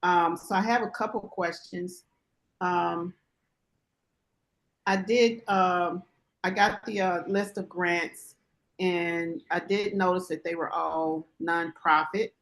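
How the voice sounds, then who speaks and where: A woman's voice: fairly low pitch, fairly even intonation, slow, fairly bright tone. A woman taking part in an online workshop over a video call, hesitant, with many fillers as she asks her questions. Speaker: workshop participant.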